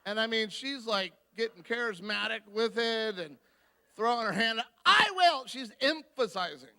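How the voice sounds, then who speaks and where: A man preaching a sermon as a guest speaker, telling his story in an animated way and acting out each voice. His voice is high and bright with a gravelly, creaky edge. He talks at an unhurried, deliberate pace. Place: church.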